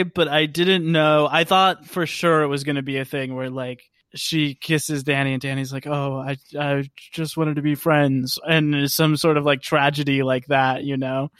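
A man's voice: a little high, fairly bright tone, clean tone, dry recording, clean studio sound. A man co-hosting a casual movie review chat, talking in a wry, chatty way full of "like" fillers. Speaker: podcast co-host.

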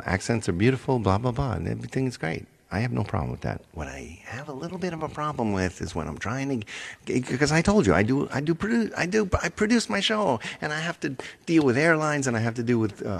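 Chatty man ranting with lively pitch. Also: fast, creaky, in a large hall. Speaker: live stream host and singer. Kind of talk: casual chat with viewers.

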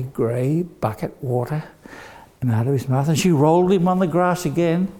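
An older man telling a dramatic story to children, animated and acting out the voices. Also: mid-range voice, gravelly. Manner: animated, acts out voices with shouts.

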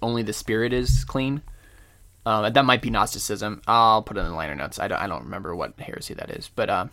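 A man's voice: fairly low pitch, quick pace, creaky. A young man co-hosting a podcast, chatting casually and explaining faith topics thoughtfully, with easy laughs. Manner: thoughtful, explains scripture calmly, laughs easily. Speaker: podcast co-host. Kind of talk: casual chat.

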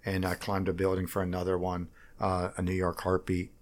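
Middle-aged guy, lowish voice, rambles and restarts a lot, interview chat. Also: completely flat delivery. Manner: halting, rambling, frequent restarts. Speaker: political candidate. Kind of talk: casual interview talk.

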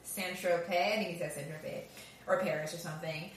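A woman's voice: fairly low pitch, brisk. Woman co-host, chatty and giggly, recorded in a roomy space with a light hiss. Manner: giggly, animated retelling. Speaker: podcast co-host. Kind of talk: casual movie chat. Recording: roomy echo with faint background noise.

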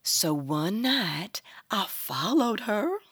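A woman's voice: mid-range voice, sing-song, extremely slow, slightly rough, no room sound, studio quality, heavily acted. A woman playing a nosy, genteel hotel desk clerk with a Southern accent in a comedic radio play. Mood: gossipy. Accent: American Southern. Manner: prim and nosy, drops to hushed gossip.

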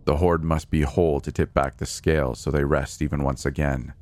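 A man voicing a sly, mustached stranger from the shadows who speaks calmly and smugly. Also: rumbling low, fairly quick, dry recording. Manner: calm, smug and sly.

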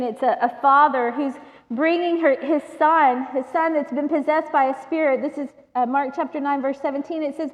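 A woman preacher, reading scripture and talking to her listeners in a chatty, emphatic way, laughing often. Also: on the high side. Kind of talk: sermon with Bible reading. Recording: long reverb, dull sound.

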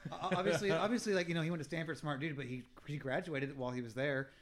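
A man's voice: fairly high pitch, fast talker, crowd noise. A man co-hosting a casual sports podcast, rambling and swearing freely as he talks football. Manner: rambling, profane, restarts often. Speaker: podcast co-host.

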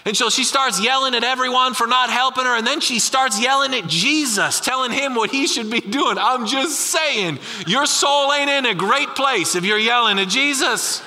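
A pastor in his thirties delivers a sermon in a very high, very bright, forceful voice, keeping things conversational and putting the same question to his listeners over and over. He slows way down to drive his main points home, and a long reverb makes it sound like a big church hall.

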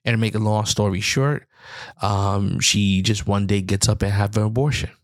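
A man's voice: fairly low pitch, fairly even intonation, normal speed, no room sound, studio quality. A man talking alone on his podcast in a heated, rambling opinion monologue, repeating himself as he makes his points. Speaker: podcast host.

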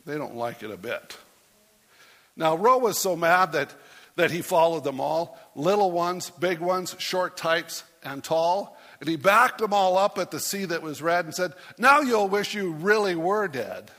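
Man, pastor, playful rhyming storytelling sermon, slightly high voice, echoing hall. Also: unhurried, a bit bright. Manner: playful storyteller who puts on voices for the characters.

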